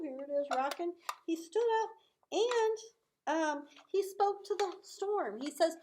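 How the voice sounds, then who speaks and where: A woman teaching children, telling a story with lively acted-out voices and hushed asides. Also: very high-pitched, measured pace, slight background noise. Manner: animated, acts out voices with big swells.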